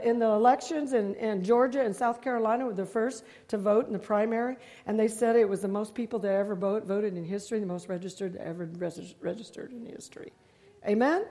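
A woman's voice: high voice, darkish tone. A woman giving a sermon as a guest preacher, talking emphatically, repeating phrases and throwing rhetorical questions at her congregation. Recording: long hall reverb.

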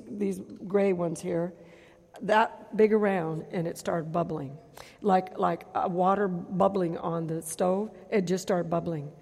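Middle aged lady preacher telling her story, gravelly voice, lots of hall echo. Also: mid-range voice. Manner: animated storytelling, acts out voices and gasps. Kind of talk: testimony sermon. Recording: long hall reverb.

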